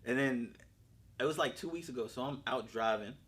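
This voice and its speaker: A young man hosting a casual podcast chat, telling animated stories and acting out his daughter's lines. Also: medium pitch, moderate pace. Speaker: podcast host.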